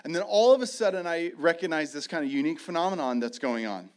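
A man in his thirties, a pastor, preaching and telling a lively personal story, loud and animated at the high points. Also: quick pace, hardly any pauses. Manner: animated storyteller, shouts when acting out his kids.

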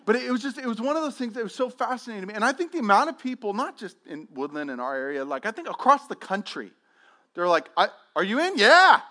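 A man's voice: high voice, lively intonation, quick pace, pushed and bright. A male pastor preaching a sermon, telling stories with acted-out dialogue and frequent restarts.

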